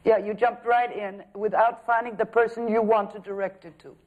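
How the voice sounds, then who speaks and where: A man's voice: high-pitched, fairly even intonation, moderate pace. A man, an acting teacher, giving direct coaching feedback with probing questions. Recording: thin phone-like sound.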